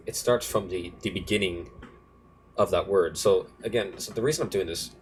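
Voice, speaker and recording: There's a faint hiss or hum as a young music producer, speaking low, talks through his project file for a casual screen-recorded walkthrough. His delivery is offhand and rambling, full of self-corrections.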